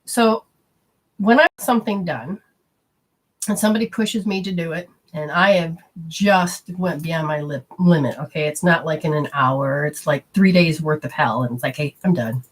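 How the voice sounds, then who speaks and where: A middle-aged woman hosts a spiritual radio talk show in a low, husky voice at a normal speed. She chats casually and rambles, acting out the voices of the people she quotes.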